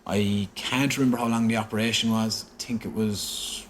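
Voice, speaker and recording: A man in his thirties with a Cork Irish accent, telling a personal story openly as a podcast guest, halting and full of fillers. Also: fairly low pitch, fairly even intonation, fairly bright tone, a little hiss or hum. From Ireland. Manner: open, halting, repeats himself with many fillers. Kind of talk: candid storytelling. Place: indoor room in San Francisco.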